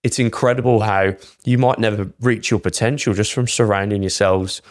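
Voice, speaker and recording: A man's voice: lowish voice, fairly even intonation, normal speed, no echo, studio quality. A man co-hosting a casual podcast, blunt and enthusiastic, who swears casually. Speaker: podcast co-host.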